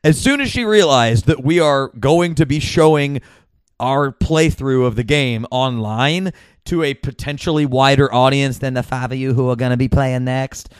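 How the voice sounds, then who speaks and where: A man's voice: mid-range voice, normal speed, clear, resonant tone, no echo, studio quality. A man hosting a podcast in casual chat, rambling with many fillers, restarts and the odd swear word. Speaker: podcast host.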